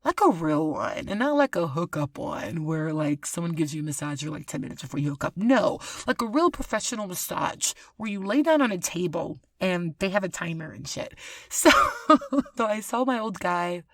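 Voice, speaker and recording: Animated, laughing woman podcaster. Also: fairly low pitch, normal speed, no echo. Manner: animated and profane, laughs often, addresses listeners as y'all. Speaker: podcast host. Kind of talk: casual solo podcast chat.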